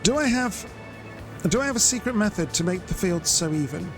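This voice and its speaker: A man's voice: high-pitched, lively intonation, fairly quick, over music. A man giving chatty live commentary as he plays and explains his method step by step. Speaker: streamer.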